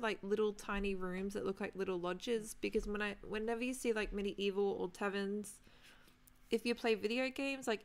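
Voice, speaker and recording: A woman's voice: medium pitch, smooth. A young Australian-accented woman streaming a game and chatting casually with viewers, greeting them by name as she goes. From New Zealand, raised in Australia. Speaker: gaming streamer. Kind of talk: casual live-stream chat.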